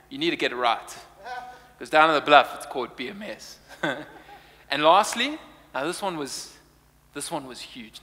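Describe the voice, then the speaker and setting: A man's voice: on the high side, bright, forceful tone, long reverb tail. A young man preaching a humorous sermon, playful and chatty, laughing often. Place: church hall.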